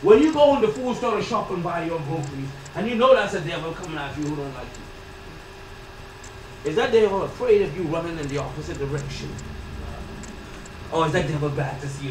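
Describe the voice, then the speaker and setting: A woman's voice: low-pitched, lively intonation, brisk, long pauses. Woman preacher, emphatic, repetitive call-and-response, distant room mic in a reverberant hall. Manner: call-and-response with the congregation, swinging from loud to hushed. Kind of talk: sermon. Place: church or ministry hall. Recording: echoey hall, distant mic, background noise.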